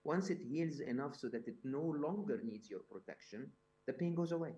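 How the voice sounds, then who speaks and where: A man's voice: medium pitch, animated, moderate pace, dark tone, dull audio. A man speaking to a live audience at a summit, conversational, with lots of fillers, restarts and rhetorical questions. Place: event hall.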